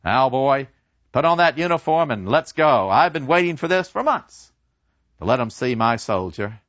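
Man doing a blustering proud dad, loud and hearty, lively pitch, dull dry sound. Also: moderate pace, no echo, natural voice. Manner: booming, hearty and insistent. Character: proud blustering old father, pushy and patriotic.

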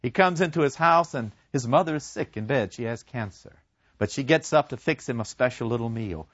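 A male lecturer retelling a story in an animated way, acting out the people in it. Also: mid-range voice, a little fast, dry recording. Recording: dull lo-fi dry recording.

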